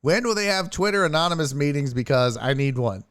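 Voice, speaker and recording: A man's voice: a little high, animated, a little fast, fairly bright tone, clear, resonant tone, dry recording, clean studio sound. A man hosting a live sports stream, ranting and laughing his way through tweets in casual, profane chat. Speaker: streaming sports show host.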